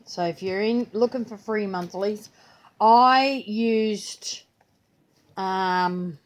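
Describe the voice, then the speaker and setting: An older woman chatting in an easygoing, rambling way. She talks at a slow, unhurried pace and breaks into playful voices whenever she repeats what someone said. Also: medium pitch. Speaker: vlogger. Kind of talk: casual chat.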